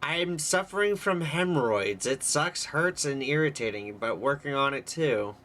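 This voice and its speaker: A man's voice: fairly high pitch, lively intonation, moderate pace, fairly bright tone, a little hiss or hum. A young man streaming live, chatting candidly and rambling with his viewers and laughing easily. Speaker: livestreamer. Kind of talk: casual live stream chat.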